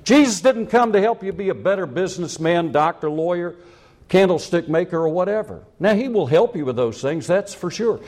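An older man delivers a sermon with fervor, his voice pitched high and swinging widely as he presses rhetorical questions. He repeats key lines for emphasis and builds to emphatic peaks. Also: lively intonation, brisk, a little mellow. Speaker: preacher.

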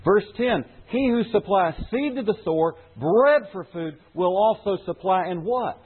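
Husky-voiced male pastor preaching. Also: sits high, expressive, unhurried. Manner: preaching with rhetorical questions to the congregation. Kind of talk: sermon. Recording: phone-like lo-fi recording.

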